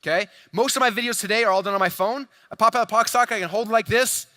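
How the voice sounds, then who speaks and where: A man giving a high-energy sales presentation to a large live audience, addressing the crowd directly in a playful, energetic way. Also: very fast, no echo. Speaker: speaker at a sales event. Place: large event hall, speaking to a crowd.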